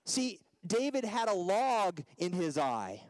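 A man in his thirties preaching a sermon as a guest speaker, swinging between loud emphatic lines and soft hushed ones. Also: sits high, big pitch swings, slow pace, dry recording, poor audio.

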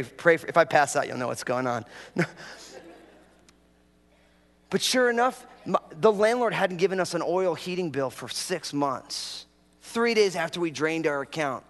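A man preaching a humorous sermon, his voice sitting high for a man. He tells stories with energy and jumps into acted-out prayers and asides. The sound carries a long hall reverb. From New York. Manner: animated storytelling, acts out prayers in a raised voice. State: a bit dehydrated after travel. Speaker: pastor.

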